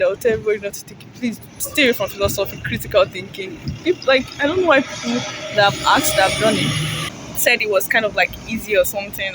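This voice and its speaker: A young woman chats into her phone on a busy street, rambling from one thought to the next and laughing often. Her voice sits high, and loud traffic roars behind her. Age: young adult. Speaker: vlogger. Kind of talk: casual vlog talk to camera. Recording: loud traffic noise outdoors.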